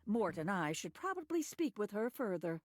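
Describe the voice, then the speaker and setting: An actress voicing a calm middle-aged woman amateur sleuth in a video game, measured and composed. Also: mid-range voice.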